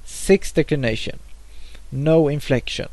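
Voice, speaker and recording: A man teaching a grammar lesson, reading example words slowly with a pause after each one. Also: a little high, a little mellow, no echo. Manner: measured, pausing between each example word. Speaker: language teacher.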